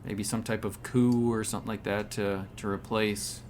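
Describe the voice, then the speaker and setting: A man's voice: on the low side, level tone, moderate pace, darkish tone, a little hiss or hum. A man playing a tabletop game, speaking hesitantly and full of ums as his character. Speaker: player.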